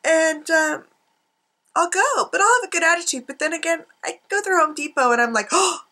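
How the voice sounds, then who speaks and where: Rambling middle-aged woman vlogger, high bright voice, giggly, talks to a desk camera. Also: expressive, fairly quick. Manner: chatty, giggly, self-mocking asides. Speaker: art journaling vlogger. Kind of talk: rambling casual chat to camera. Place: home craft desk, indoors.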